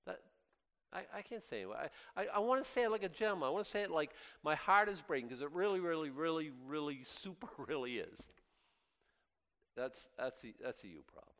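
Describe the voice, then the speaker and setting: A man preaching a sermon as pastor, impassioned and swinging from loud highs to quiet asides, often stammering and restarting. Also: expressive, fairly quick. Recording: long hall reverb.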